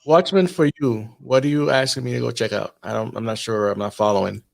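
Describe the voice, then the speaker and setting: A man with a gravelly, creaky voice hosts a relaxed political chat. He rambles and hesitates, stopping now and then to check something. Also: medium pitch, fairly quick.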